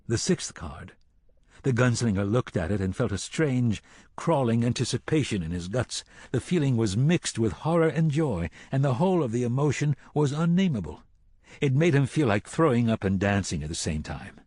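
A man narrating a dark fantasy audiobook in a slow, dramatic reading. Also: medium pitch, big pitch swings, slightly rough, no echo, clean studio sound. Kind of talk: scripted narration.

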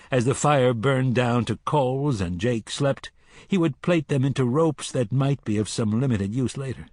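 A man reading an audiobook novel in measured narration, dropping to a hush at times. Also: mid-range voice, slightly rough, no echo, clean studio sound.

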